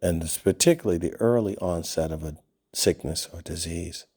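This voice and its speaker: A man preaching a sermon in an earnest way, sometimes dropping to a hush on painful words. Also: low voice, normal speed, husky.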